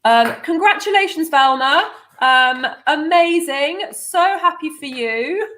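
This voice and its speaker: Bubbly chatty woman, slightly high voice. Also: lively intonation, slow pace, a bit bright. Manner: bubbly, chatty, many fillers. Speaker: host of a nutrition membership livestream. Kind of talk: casual live stream chat.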